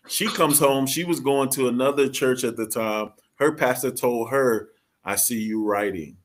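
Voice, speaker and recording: A man's voice: medium pitch, normal speed. A man, a podcast guest, sharing a personal story in an earnest, heartfelt way and acting out quoted dialogue. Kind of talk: personal testimony in conversation.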